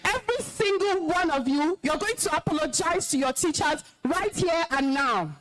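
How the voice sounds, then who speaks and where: Woman, Nigerian accent, young adult, high voice, very animated pitch, stern scolding, emotional, commanding school talk. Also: normal speed, faint music behind. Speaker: alumna speaker at school event. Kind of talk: stern address to students.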